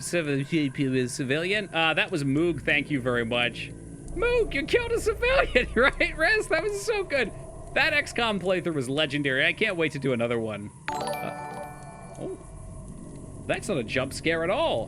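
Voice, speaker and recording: A man's voice: on the high side, sharp tone, a little hiss or hum. A young man streaming a game live, chatting casually with his chat, swearing and laughing often.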